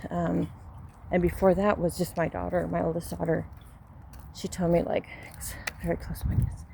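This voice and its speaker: A woman's voice: fairly low pitch, completely flat delivery, normal speed, creaky, warm tone, slight background noise. A middle-aged woman with a Southern Californian accent, talking candidly and rambling while she walks her dog outdoors, recorded on a phone. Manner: candid, rambling, restarts often. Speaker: vlogger. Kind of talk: casual personal talk while walking a dog. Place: outdoors on a street. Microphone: phone held while walking.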